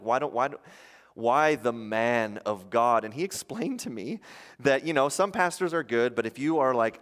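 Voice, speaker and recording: A man's voice: on the low side, fairly bright tone, long reverb tail. A man preaching a sermon as a pastor, emphatic and earnest, driving his points home with rhetorical questions.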